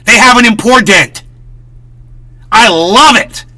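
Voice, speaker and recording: A man's voice: on the high side, animated, moderate pace, pushed and bright. A man hosting a live stream, ranting in a worked-up, swearing, casual way. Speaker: livestream host.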